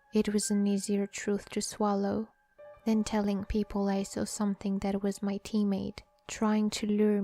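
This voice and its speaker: A woman reading a scary story aloud in a soft, hushed voice that often drops to a whisper. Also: mid-range voice. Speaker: horror story narrator. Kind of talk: scripted story narration.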